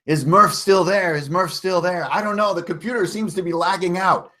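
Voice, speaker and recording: A groggy male spellcaster from a tabletop game, just waking up and muttering in confusion, his voice pitched a little high, as a game master puts him on. He sounds dazed and unsure of what is going on. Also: steady tone, moderate pace, sharp tone.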